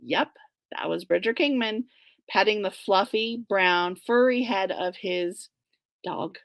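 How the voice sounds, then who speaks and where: A woman guest author giving an animated, expressive reading from her own novel, with some whispered asides, over a video call. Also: medium pitch, takes it slowly, vocal fry, no room sound.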